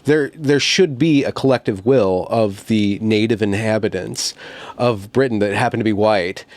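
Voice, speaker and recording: A man hosting a conversational political discussion, speaking haltingly and restarting often as he searches for words. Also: on the low side, dry recording. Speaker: host.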